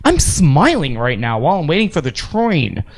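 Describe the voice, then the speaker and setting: A man's voice: fairly high pitch, moderate pace. A man co-hosting a podcast, telling rambling, profane stories in casual chat. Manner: rambling, profane storytelling, animated. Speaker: podcast co-host.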